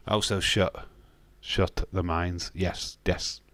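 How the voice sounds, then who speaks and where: A low, steady-toned man speaks a little slowly in a dry recording, his Yorkshire accent marking him as from Castleford, England. As a live stream host he's casual and blunt, swearing freely and restarting sentences. He reads out viewer comments in a laid-back watch-along.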